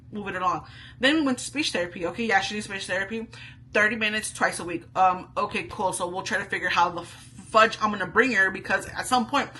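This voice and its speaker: A woman's voice: mid-range voice, sharp tone, slight background noise, low-quality recording. A young woman, a stay-at-home mom, telling a candid story to camera in a chatty, casual way full of asides and slang.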